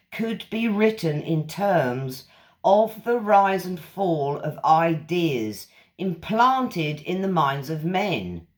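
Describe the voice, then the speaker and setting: A woman hosting a channel, reading lecture passages aloud and stopping to reflect on them. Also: on the low side. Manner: reflective, stops to comment between quoted passages.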